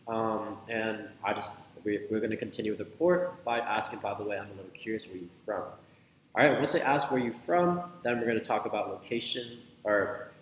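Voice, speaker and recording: A man coaching on sales in a loose, conversational way, peppering his talk with "like" and "right?". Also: medium pitch. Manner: filler-heavy, loose and conversational, repeats "like" and "right?". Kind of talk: casual teaching talk. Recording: echoey hall with faint ambient noise.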